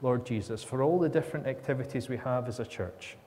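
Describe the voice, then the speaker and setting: A man's voice: mid-range voice, a little fast, mellow. Man leading prayer in a church. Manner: earnest, flowing prayer in repeated phrases. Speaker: minister leading worship. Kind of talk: spoken prayer. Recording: reverberant church with faint ambience.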